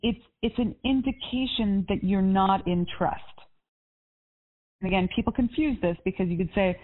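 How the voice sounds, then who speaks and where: A woman's voice: mid-range voice, moderate pace. A woman life coach on a coaching call, chatty and upbeat, with lots of casual fillers. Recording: tinny phone line.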